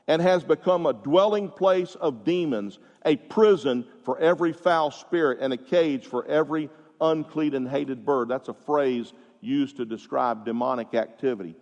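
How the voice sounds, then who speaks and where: A man preaches in a fairly high voice, stressing his points with emphatic rises and drawn-out words. His sermon rings with the long reverb of a large sanctuary. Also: darkish tone. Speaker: pastor.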